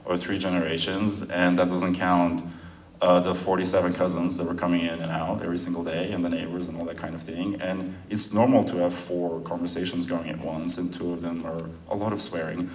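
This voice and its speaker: Filmmaker at a post-screening Q&A: man, very low voice, relaxed and rambling, caught roomy and a bit distant. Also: a little fast. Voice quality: relaxed, rambling, laughs often. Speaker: filmmaker answering audience questions. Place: venue hall at a screening. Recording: roomy sound from a distant mic, faint noise.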